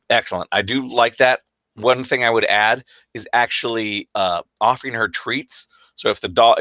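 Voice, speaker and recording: Low-voiced man answering dog-training questions. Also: no room sound. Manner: relaxed, conversational, many fillers and restarts; acts out excited dogs with sudden high squeals. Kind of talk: live-stream Q&A. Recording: dull, slightly lo-fi stream audio.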